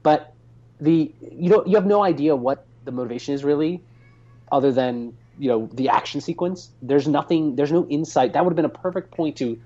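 Husky, halting man on a podcast. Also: a little high, lively intonation, warm tone, muffled recording. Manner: halting, restarts often. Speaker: podcast panelist. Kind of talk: casual film discussion.

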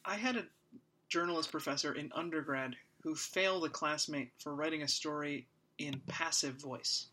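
A man's voice: fairly high pitch, normal speed, sharp tone. A man co-hosting a casual podcast with dry wisecracks. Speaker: podcast co-host. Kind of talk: casual chat.

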